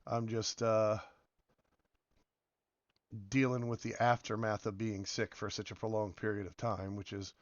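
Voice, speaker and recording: A man with a hoarse voice from being sick, rambling casually as he comments on a game and drifts between topics. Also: fairly low pitch, level tone, unhurried, pauses often, no echo, lo-fi sound. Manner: rambling, meandering, many fillers. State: hoarse from illness. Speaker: game video host.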